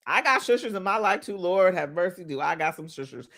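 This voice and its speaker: Lively preachy woman coach. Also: on the low side, fairly quick. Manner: animated, preachy, playful, laughs often, hollers for emphasis. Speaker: host, manifestation coach. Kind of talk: motivational talk.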